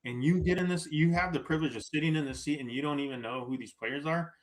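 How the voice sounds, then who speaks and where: A man as a podcast guest, telling a story in a casual, animated way, acting out quoted lines and often tagging "right?". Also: on the high side, quick pace.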